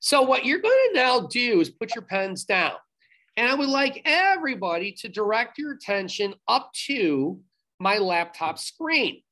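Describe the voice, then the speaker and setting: A man's voice: very high-pitched, big pitch swings, a little slow, sharp tone. A man teaching history in a recorded video lecture, speaking emphatically, repeating instructions and adding asides to the class, recorded on a laptop video-call setup.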